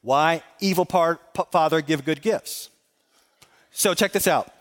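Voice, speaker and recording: A man's voice: a little high, a little slow. A man preaching in an echoing hall. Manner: earnest, storytelling, with repeated phrases and restarts. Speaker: pastor. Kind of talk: sermon. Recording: long hall reverb.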